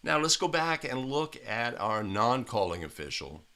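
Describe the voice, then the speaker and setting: A man with a bright, forceful voice breaks down a game clip for basketball referees. His tone is emphatic and coaching, and he keeps checking in with "right?" He sits at a desk mic in a small room. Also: mid-range voice, very animated, normal speed. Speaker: basketball officiating instructor. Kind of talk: video analysis commentary.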